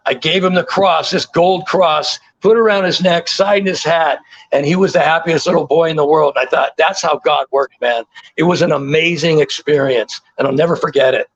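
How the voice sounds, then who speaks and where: A man in his sixties, a guest telling stories in a casual interview, animated and repeating words for emphasis. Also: a little high, fairly quick, muffled recording. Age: 60s.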